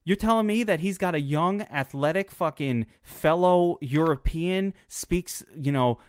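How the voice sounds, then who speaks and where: A man co-hosting a casual sports podcast, opinionated and animated, swearing freely and stumbling over restarts. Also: a little high, measured pace, no echo, clean studio sound. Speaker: podcast co-host. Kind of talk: casual fantasy sports chat.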